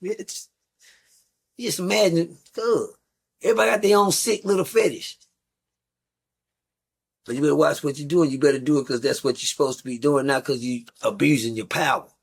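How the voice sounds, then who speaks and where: A man's voice: on the high side, a little fast, gravelly, husky. A middle-aged man, a guest on a talk show, telling rambling stories in a blunt, profane, casual way. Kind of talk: casual storytelling.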